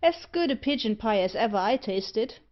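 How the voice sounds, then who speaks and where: Woman playing a carefree rogue, jolly, greedy, rough dialect, storybook audiobook, muffled sound. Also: a little high, expressive, moderate pace, close to an everyday voice. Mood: jovial. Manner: breezy dialect speech. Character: jolly greedy male dog-thief rogue.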